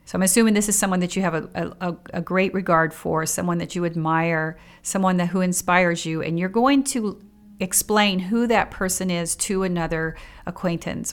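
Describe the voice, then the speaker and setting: Reflective woman podcaster, lowish voice. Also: fairly even intonation, moderate pace. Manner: reflective, addresses the listener directly with questions. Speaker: podcast host. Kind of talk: solo podcast talk on personal growth. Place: home studio in a basement spare bedroom.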